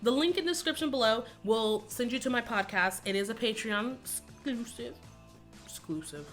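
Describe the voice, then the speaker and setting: A woman's voice: a little high, brisk, fairly bright tone, soft background music. A woman, chatting casually to her viewers in a rambling vlog, laughing often and calling everyone "y'all.". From Texas, US. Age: 20s. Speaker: YouTuber.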